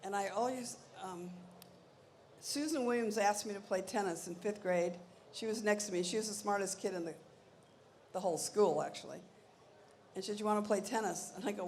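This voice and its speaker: An older woman sits for an on-stage interview, sharing stories from her life. Her voice has a gravelly edge, and she acts out the people she quotes with lively energy. A faint background hum sits under the voice. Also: mid-range voice, a little fast. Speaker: interview guest. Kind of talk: anecdotal storytelling on stage.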